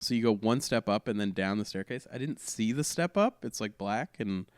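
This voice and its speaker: Smooth-voiced man telling a rambling story. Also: fairly low pitch, animated, normal speed, no room sound, clean studio sound. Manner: rambling, self-correcting, laughing through the story. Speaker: comedian guest. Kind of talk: casual anecdotal storytelling.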